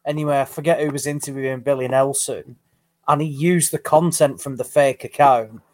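A man chats on a boxing podcast, amused and rambling, his voice sitting at an average pitch. He circles back on himself as he tells the story. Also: steady tone, fairly quick, a little mellow, no echo. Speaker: podcast co-host. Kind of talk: casual boxing chat.

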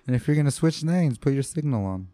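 A man with a mellow, dark-toned voice chats in a relaxed, profane way. The sound is dry and close, and he keeps chiming in with agreement. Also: medium pitch, quick pace, dry recording. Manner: laid-back, profane, frequent agreeing interjections. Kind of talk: casual chat.

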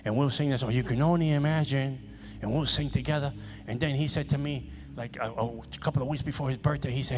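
A man preaching a sermon, repeating phrases with emphasis and moving between loud exhortation and quiet personal stories. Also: mid-range voice, quick pace.

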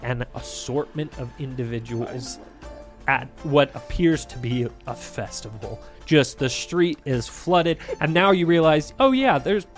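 A man's voice: medium pitch, animated, unhurried, faint music behind. A man running a tabletop role-playing game as game master, narrating scenes, laughing often and jumping into character voices. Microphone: studio mic.

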